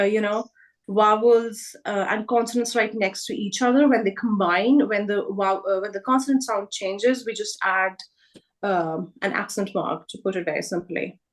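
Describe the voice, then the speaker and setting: A woman's voice: a little high, poor audio. Woman patiently explaining pronunciation. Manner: patient, explains step by step with many fillers. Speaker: workshop presenter.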